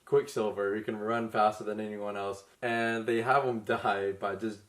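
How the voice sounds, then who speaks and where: A man co-hosting a casual film review, giving relaxed, agreeable comments. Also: on the low side, moderate pace.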